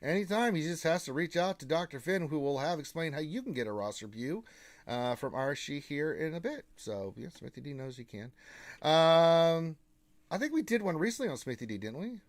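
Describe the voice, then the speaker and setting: Brief: male stream co-host, playful and teasing, swings his pitch a lot. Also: dry recording. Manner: playful, teasing, drawn-out flat refusals. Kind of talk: casual live-stream chat, reading viewer messages.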